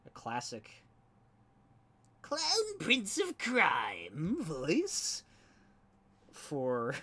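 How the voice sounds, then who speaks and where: A man with a middle-pitched voice chats casually while inking comic pages on a live stream. He rambles, laughs easily and swears offhandedly, as if talking to friends. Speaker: comic artist and YouTuber.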